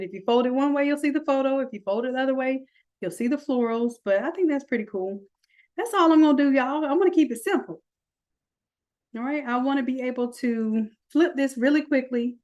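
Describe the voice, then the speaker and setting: A woman walking through a software design tutorial, chatty, with folksy asides. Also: on the high side. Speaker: design instructor. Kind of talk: screen-recorded software tutorial.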